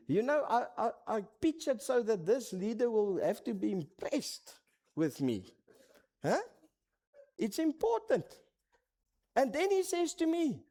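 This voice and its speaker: Man, middle-aged, Namibian accent, pastor, sermon, high voice, storytelling. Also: sing-song, slow pace, long pauses. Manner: storytelling, swinging between dramatic highs and hushed lows.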